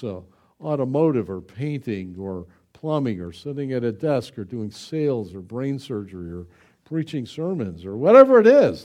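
A middle-aged male pastor preaching a conversational sermon, exuberant and animated, with chatty asides to the congregation. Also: mid-range voice.

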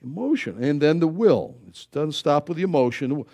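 A man preaching a sermon as pastor, swinging between loud emphasis and quiet asides. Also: a little high, expressive, normal speed, creaky.

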